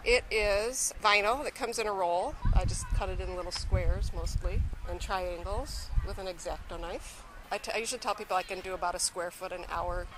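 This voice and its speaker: A woman's voice: mid-range voice, steady tone, moderate pace, background noise. A woman, an art car owner, explaining her car in a matter-of-fact, slightly hesitant way outdoors. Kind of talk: casual interview outdoors. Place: outdoors at a street parade. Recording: outdoor interview with loud music behind.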